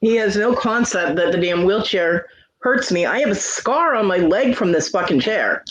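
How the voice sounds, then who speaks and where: A man's voice: high-pitched, expressive, moderate pace, a loud crowd. A man hosting a casual livestream chat, venting in a profane, aggrieved way. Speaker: livestream host. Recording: dull lo-fi stream audio.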